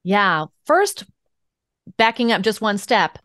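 Animated woman voice coach, dry sound. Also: medium pitch, slow, no room sound. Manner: animated, laughs often, coaching tone. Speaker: guest speaker and voice coach. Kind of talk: podcast interview answers.

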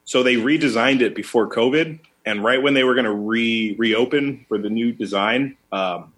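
Animated storytelling man in his thirties. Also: medium pitch, moderate pace. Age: 30s. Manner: animated storyteller, acts out quotes. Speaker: podcast co-host. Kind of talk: casual chat.

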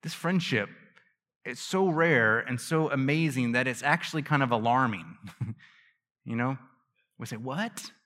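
A man's voice: medium pitch, unhurried, long pauses, pushed and bright. A man preaching a sermon as a pastor, talking to his congregation in a loose conversational way, joking at his own expense and often restarting a phrase. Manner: conversational, self-deprecating, frequent restarts and laughs. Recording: long reverb of a large hall.

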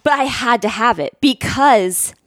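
A woman's voice: a little high, measured pace, dry recording, studio quality. A woman telling a story in casual chat, acting out quoted voices with lots of filler words. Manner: animated, acts out quoted voices; frequent "like" fillers. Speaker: storyteller with her husband.

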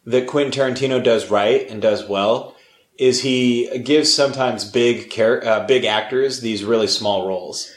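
A man's voice: mid-range voice, measured pace, echoey room. A young man co-hosting a casual podcast, enthusiastic, swearing and saying "dude" a lot. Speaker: podcast co-host. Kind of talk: casual chat.

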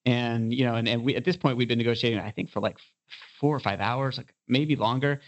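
A man in the guest seat tells an animated, casual story about his business, with a mid-range voice. He fills his sentences with "you know" and jumps back into the thread quickly. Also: mid-range voice, muffled recording. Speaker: entrepreneur guest.

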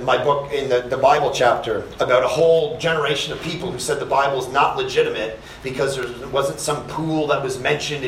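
At a summer camp session, a pastor with a medium-pitched voice reads scripture and preaches animatedly, punching lines with rising volume and force. He drops into conversational asides to his young listeners. The recording is rough and reverberant, with a little hiss or hum.

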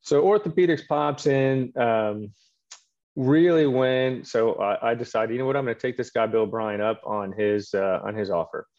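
A middle-aged man tells career stories quickly and with self-deprecating humor. His voice sits in a middle pitch, and the recording sounds slightly muffled. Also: a little mellow. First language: French. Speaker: guest, orthopedic surgeon. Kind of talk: casual interview chat.

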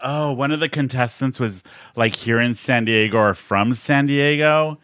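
A man's voice: mid-range voice, moderate pace, fairly bright tone, clear, resonant tone, dry recording, clean studio sound. A man in his forties hosting a casual podcast chat, teasing his co-hosts and laughing often. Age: 40s. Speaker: podcast host. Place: San Diego studio.

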